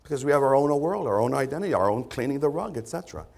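Male pastor, conversational sermon with lively pitch, acts out quotes. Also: racing, vocal fry. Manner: lively, conversational preaching with sudden loud put-on voices.

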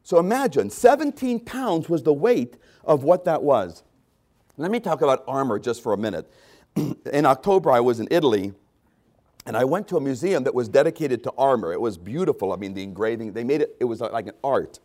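Animated preaching man, lively pitch. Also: a little fast. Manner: animated preaching, rising to loud urgent outbursts; frequent throat clearing and restarts. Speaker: pastor. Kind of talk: sermon.

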